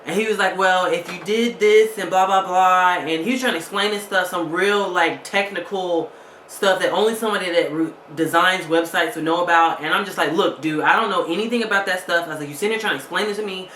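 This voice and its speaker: A woman's voice: lowish voice, brisk, fairly bright tone, echoey room, a little hiss or hum. A woman vlogger telling a story casually, angry and fed up, retelling a phone call with lots of quoted back-and-forth.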